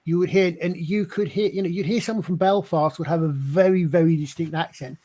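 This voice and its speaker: A man's voice: on the high side, fairly quick, dark tone. A man hosting a casual live-stream discussion, rambling with many restarts and fillers. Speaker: stream host.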